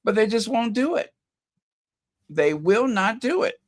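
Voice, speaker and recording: A man's voice: high voice, sing-song, measured pace. A man hosting a casual commentary vlog, reading headlines aloud with sarcastic asides and chuckles, his voice a bit scratchy. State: slightly scratchy voice. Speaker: channel host.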